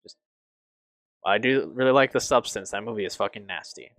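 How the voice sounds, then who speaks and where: A young man reviewing a TV show on his channel, emotional and halting, swearing often and restarting his sentences. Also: lowish voice, animated, fairly bright tone, no room sound. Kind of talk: casual review.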